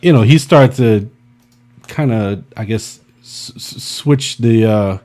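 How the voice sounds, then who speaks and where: Animated man telling a studio story. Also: fairly low pitch, slow. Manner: animated, acts out quotes, many restarts and fillers. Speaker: music producer guest. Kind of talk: storytelling anecdote.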